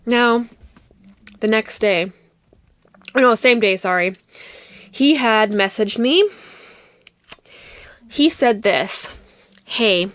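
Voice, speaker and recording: A woman's voice: a little high, extremely slow, long pauses, a bit bright, no room sound. A young adult woman hosting a podcast, retelling a personal drama in a heated, profane, indignant way. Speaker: podcast host. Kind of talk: casual storytelling monologue.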